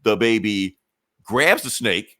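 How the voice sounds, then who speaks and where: Man, podcast co-host, casual comic recap, profane, laughing, lowish pitch, dry close sound. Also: lively intonation, slow, bright, forceful tone, dry recording. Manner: loose, profane storytelling with frequent laughs.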